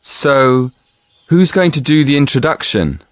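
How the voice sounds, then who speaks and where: A man voicing a colleague planning a presentation in a textbook audio dialogue, slow with lively intonation. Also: mid-range voice, no echo. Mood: friendly.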